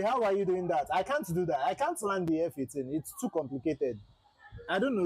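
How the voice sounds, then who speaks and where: A man's voice: high voice, expressive, a little fast, a little mellow, husky, poor audio. A man livestreaming a flight simulator, chatting casually with viewers and repeating himself as he flies.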